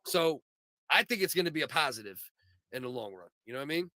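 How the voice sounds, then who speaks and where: Podcast host guy, bright sharp voice, dry sound, rambles and swears. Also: on the high side, expressive, fast talker, no echo. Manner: rambling, profane, opinionated. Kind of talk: casual comedy podcast chat.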